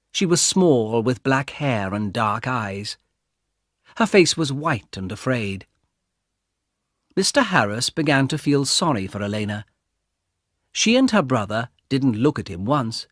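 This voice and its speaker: Male storyteller for learners: deliberate, slow, expressive pitch, dry close sound. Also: no echo. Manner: clear, deliberate. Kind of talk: slow scripted story narration for English learners.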